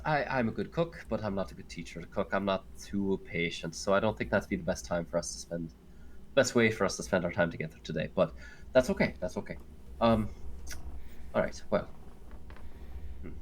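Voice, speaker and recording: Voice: low voice, moderate pace, pauses often, slight background noise, natural voice. A game master voicing a motherly, joking woman cook in a put-on Scottish accent, rambling with fillers. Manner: chatty, teasing, many fillers and self-corrections. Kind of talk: tabletop role-play.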